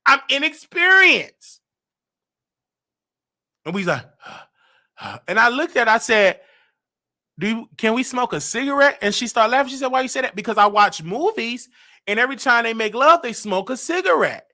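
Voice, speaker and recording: A man hosting a talk show, telling a personal story in an animated way and acting out the dialogue. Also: extremely high pitch, moderate pace. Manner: dramatic, acts out quoted dialogue. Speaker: show host.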